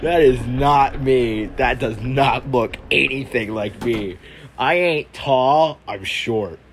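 A man's voice: mid-range voice, slow, slight background noise. A man giving casual gaming commentary, reacting with dry sarcastic remarks. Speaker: gamer.

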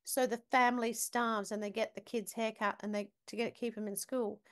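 A woman's voice: on the high side, flat delivery, normal speed. A woman, a guest on a talk show, telling a story vividly and emphatically and putting questions to the listener. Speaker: podcast guest, business academic. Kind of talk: storytelling in conversation.

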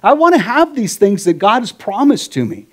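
A man's voice: high-pitched, very animated, normal speed. A middle-aged man, a pastor, preaching a sermon in a casual, conversational way with slang.

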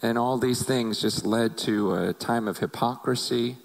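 Middle-aged male pastor, earnest confessional testimony, voice mid-range, swings between quiet and impassioned. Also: medium pitch, measured pace, vocal fry, poor audio. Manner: earnest, confessional, rising to emotional intensity. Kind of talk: personal testimony sermon.

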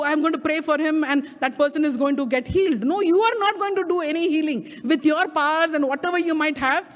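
A middle-aged woman with an Indian English accent preaching a sermon at a prayer meeting, stretching key words slowly for emphasis. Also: high-pitched. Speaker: guest speaker. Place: church prayer hall. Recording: reverberant hall.

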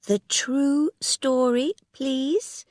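A woman's voice: sits high, very slow, darkish tone, no room sound, studio quality, voice pushed up. A woman doing a stern mother. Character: stern but loving mother of five.

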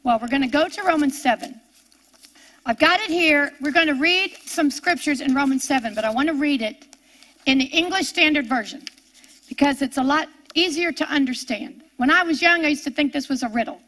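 An older woman delivers a sermon in a high, bright voice. She lingers on key words with heavy emphasis, then rushes through quick asides to her listeners. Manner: emphatic, drawn-out preaching with sudden fast asides. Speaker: preacher.

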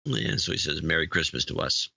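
A man's voice: very deep voice, expressive, brisk, gravelly, sharp tone, slightly rough, no echo, dull audio. A man co-hosting a podcast, chatting casually and reading out donor names and notes in a matter-of-fact way. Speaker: podcast co-host.

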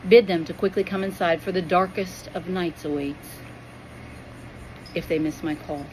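A woman's voice: lowish voice, fairly even intonation, normal speed, darkish tone, a little hiss or hum, natural voice, low-quality recording. Woman voicing a grieving, tender God the Father. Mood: urgent, solemn. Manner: tender, solemn pleading.

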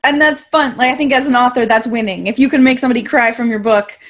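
Higher-pitched woman interviewer. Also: fast, a bit bright. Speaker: interviewer, author. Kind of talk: interview conversation.

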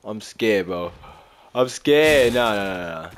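A man's voice: fairly low pitch, lively intonation, takes it slowly, background noise. A man hosting a casual let's-play of a horror game, talking in slang and breaking into sudden startled outbursts. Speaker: gaming video host.

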